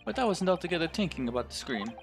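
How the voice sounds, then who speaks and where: A man's voice: very animated, racing, gravelly, soft background music. A man voicing a sly male moneylender witness with an exaggerated, strained Irish accent, reading a game aloud. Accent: put-on Irish. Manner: folksy, sly, strained high put-on brogue.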